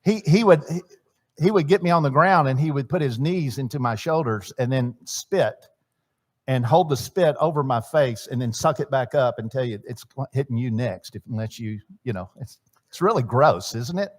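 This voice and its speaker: A man teaching a church marriage seminar in a sermon style, swinging between loud emphasis and quiet asides and asking his audience questions. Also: medium pitch, lively intonation, moderate pace. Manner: chatty, asks the audience questions. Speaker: seminar speaker. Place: church hall.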